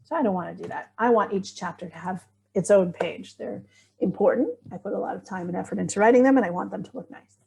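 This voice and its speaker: Gravelly middle-aged lady walking thru a computer tutorial, chatty, says whoa a lot. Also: mid-range voice, quick pace, mellow. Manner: chatty, thinking aloud, little surprised exclamations. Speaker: writing workshop instructor. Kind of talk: screen-share tutorial.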